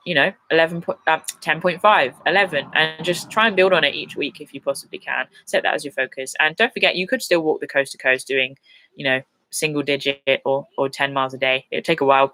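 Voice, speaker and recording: A woman answers viewers' questions in a casual livestream from her sofa at home. She rambles warmly through fillers and false starts and is quick to laugh or tear up. Her voice is bright and forward, and the sound is dry and close with no room echo. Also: deep voice. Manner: chatty and rambling, with many fillers and restarts; openly emotional and laughs easily. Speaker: host of a live viewer Q&A. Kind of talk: casual live Q&A chat. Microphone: computer mic on a livestream.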